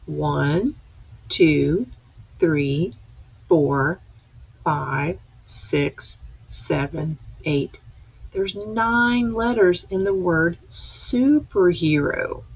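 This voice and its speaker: A woman teacher leading a reading lesson for young children, patient and reading slowly word by word. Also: on the low side, animated, gravelly, husky, muffled recording.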